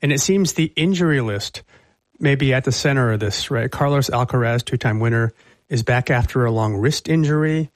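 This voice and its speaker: A man hosting a show, introducing a guest and asking questions in a brisk, conversational way with filler uhs. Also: medium pitch, no room sound. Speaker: radio host. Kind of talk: interview introduction.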